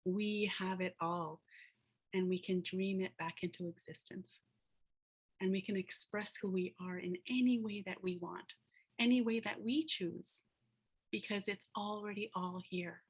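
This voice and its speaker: A woman's voice: medium pitch, fairly even intonation, measured pace, slightly rough. Casual storytelling woman speaker. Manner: casual, fills with "like" and "you know". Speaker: guest speaker, planner. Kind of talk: storytelling talk. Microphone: video call.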